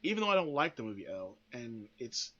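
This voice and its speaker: A man's voice: medium pitch, big pitch swings, fast talker, a bit bright, lo-fi sound. A man hosting a podcast, giving blunt, opinionated commentary that rambles with frequent restarts and free swearing. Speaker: podcast host.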